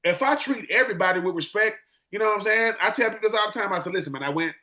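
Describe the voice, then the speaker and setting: A man in his forties, a former football player telling animated stories on a casual podcast, acting out quotes and repeating words. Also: high voice, rapid-fire. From Swainsboro, Georgia.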